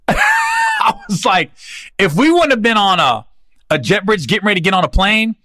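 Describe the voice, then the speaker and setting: A comedian hosting his podcast, spinning rambling road stories in loose slang. His voice is bright and fairly high, and it swings up and down with lots of life. The sound is close and dry. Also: fast, dry recording. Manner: animated, slangy, rambling with restarts. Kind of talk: casual comic storytelling.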